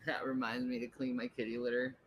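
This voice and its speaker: A woman's voice: rumbling low, little pitch movement, fairly quick, a little hiss or hum, poor audio. A woman chatting casually on a home livestream, answering viewer comments, laughing often and cooing at her pet.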